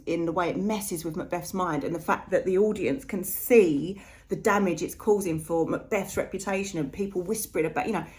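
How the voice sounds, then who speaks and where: A young woman teaching literature in a chatty way, retelling a play's scenes in modern slang. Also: lowish voice. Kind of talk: casual lesson retelling a play.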